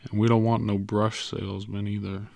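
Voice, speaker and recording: A man's voice: on the low side, flat delivery, normal speed, vocal fry, darkish tone, dry recording. A man reading an audiobook, voicing a drunk, surly man who speaks thickly and sneers. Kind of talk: audiobook character voice.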